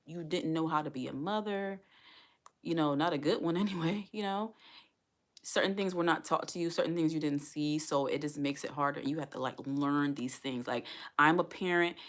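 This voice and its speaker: A woman vlogging as a single mom, talking earnestly and heartfelt to her viewers and repeating herself for emphasis. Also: low-pitched. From United States. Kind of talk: casual livestream talk to viewers.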